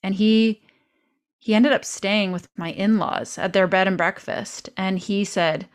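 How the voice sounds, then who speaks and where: A woman's voice: fairly low pitch, level tone, normal speed, clean tone. A woman from Canada hosting a podcast, telling stories in a chatty way and acting out her own past remarks. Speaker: podcast host. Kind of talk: casual conversational interview.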